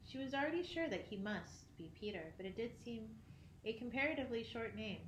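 Woman, storybook narration, expressive, roomy echo. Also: fairly high pitch, a little fast, slight background noise. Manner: expressive reading with occasional slips and throat clearing. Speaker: audiobook reader.

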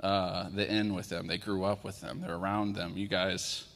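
A man in his thirties preaching in a church, soft-spoken and openly emotional. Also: low-pitched, little pitch movement, normal speed, creaky. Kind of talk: sermon with worship prayer. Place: church sanctuary. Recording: long hall reverb in church.

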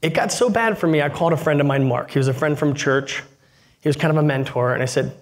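A man's voice: fairly high pitch, fast talker. A man giving a keynote talk, telling a personal story and acting out the dialogue in it. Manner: conversational, acts out dialogue in anecdotes. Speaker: keynote speaker.

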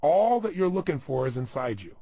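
Motivational speaker, man, middle-aged: husky, gravelly, emphatic, peppers the listener with questions. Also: a little high, sing-song, brisk, mellow, no room sound. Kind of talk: self-help audio program talk.

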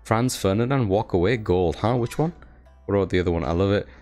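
A young British man chats casually on his live stream, thanking viewers, reading chat aloud, and swearing now and then. His voice is lowish with a darkish tone, and he speaks fast. Faint music plays behind him.

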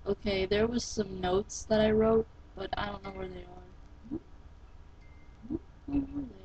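A woman casually commenting on a video game she plays, sounding tired and rambling, with sudden excited squeals. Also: medium pitch, a little slow, slight background noise. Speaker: let's-play gamer. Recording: dull lo-fi recording with faint game music.

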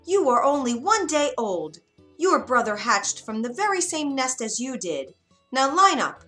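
A high, sing-song mother duck from a children's storybook, as a woman narrator puts her on, fussy and caring with a bright voice that swings a lot in pitch. She sounds motherly, with a stern edge. Soft music plays behind her. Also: sing-song, measured pace, full character voice.

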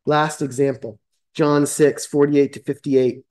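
High-voiced preaching man. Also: steady tone, unhurried, darkish tone, low-quality recording. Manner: reads scripture aloud, then expounds with emphatic repetition. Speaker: pastor. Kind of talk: sermon.

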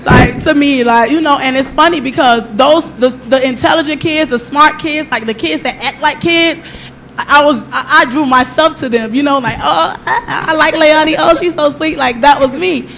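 A woman's voice: high voice, normal speed, gravelly, fairly bright tone, a little hiss or hum. A middle-aged woman giving a personal testimony at a church service, telling her story with animation and acting out the lines of the people in it.

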